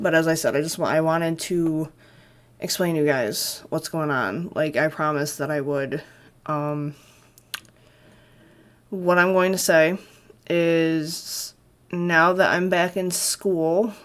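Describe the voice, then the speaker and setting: Young woman, vlogger; smooth clear voice, soft halting delivery with long pauses, emotional. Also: sits low. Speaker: vlogger and student. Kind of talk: candid talk to camera.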